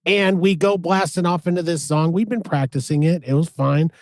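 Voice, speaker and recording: High-voiced man hosting a podcast. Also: normal speed, dry recording, studio quality. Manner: relaxed, says "man" a lot. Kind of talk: casual podcast chat.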